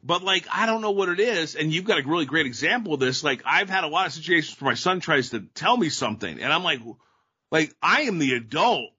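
A man's voice: on the high side, lively intonation, fairly quick, bright, forceful tone, husky, dull audio. A middle-aged man co-hosting a podcast, chatting casually and rambling with lots of fillers. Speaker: podcast co-host. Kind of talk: casual chat.

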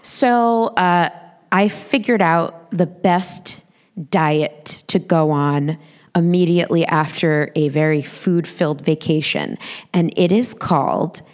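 A woman's voice: fairly low pitch, slow. A woman telling a comic story at a live storytelling show, with dry, self-mocking humor.

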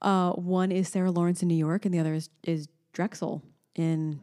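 Lower-pitched and moderately paced, this woman in her 30s is a voice teacher and podcast co-host in a relaxed conversation. Her storytelling is animated, and she imitates her toddler daughter's voice.

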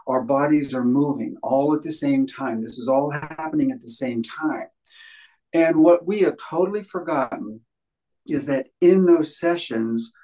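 A man's voice: a little high, darkish tone, poor audio. A man talking as a guest in an interview, earnest and emphatic, often repeating phrases for stress. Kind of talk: conversational podcast interview.

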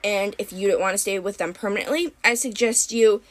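A woman's voice: mid-range voice, steady tone, fairly quick, natural voice. A woman voicing a scheming sorceress who speaks in a silky, patronizing, smug way. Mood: condescending. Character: scheming female sorceress, sweetly condescending.

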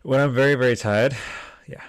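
A man's voice: mid-range voice, steady tone, brisk, no room sound, clean studio sound. A man hosting a podcast livestream, reading out viewer comments in a rambling, chatty way, tired and swearing freely. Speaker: podcast host. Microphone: desktop mic with headphones.

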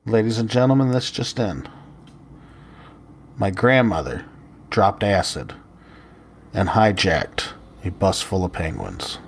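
Podcast co-host man, low voice with a swinging melody, playing fake anchor. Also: expressive, takes it slowly, pauses often, a little hiss or hum. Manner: mock newscaster delivery. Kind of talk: casual podcast banter.

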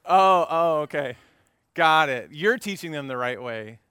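A man preaching in a church, his voice bright and forceful with a smooth, clear ring and a slightly high pitch. He tells the story in a relaxed, conversational way, turning to the congregation with asides and humor. The sound is close and dry. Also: a little slow, no echo. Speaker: pastor. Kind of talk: conversational sermon. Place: church service before a congregation.

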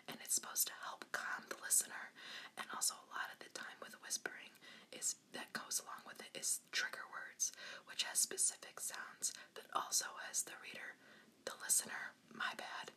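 A young woman drops into a hushed whisper for a whispered role-play, breathy and quiet, as if leaning toward the listener. It is a demonstration of ASMR whispering.

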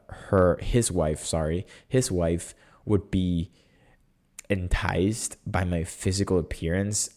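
Deep-voiced chatty podcast host, a man. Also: a little mellow. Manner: chatty and rambling, full of "like" and self-corrections; wry and sarcastic. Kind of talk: casual solo storytelling.

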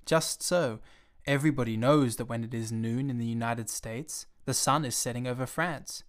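A man reading a storybook aloud at a middle pitch. His delivery is gentle and expressive, and he never rushes a line. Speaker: storybook reader.

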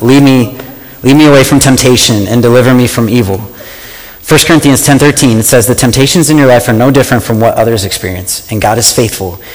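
A man's voice: medium pitch, fast talker. Passionate preacher man in echoing hall. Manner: passionate, animated, asks the audience questions. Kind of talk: sermon.

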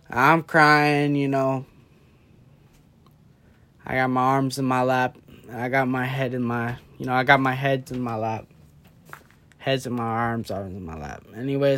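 A tipsy young man talks in a loose, rambling way, losing his thread and circling back. His voice sits at an ordinary middle pitch for a man. It sounds like casual late-night chat. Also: a bit bright. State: drunk.

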